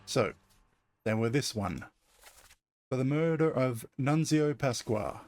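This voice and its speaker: A man's voice: mid-range voice, lively intonation, slow, a little mellow, faint music behind. A man playing a video game and thinking aloud in casual commentary, often correcting himself. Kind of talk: let's-play commentary.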